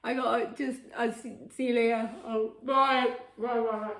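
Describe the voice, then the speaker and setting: This cooking channel host chats with her viewers in a bright, high voice, though her delivery is flat. She bakes, tastes, and giggles readily in a bubbly way, with a noticeable echo from her home kitchen.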